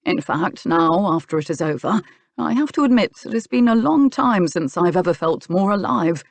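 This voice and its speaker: A woman voicing a stubborn, gruff young male physician in an audiobook, speaking bluntly. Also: sits high, animated, moderate pace, no room sound. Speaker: village physician. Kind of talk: audiobook character dialogue.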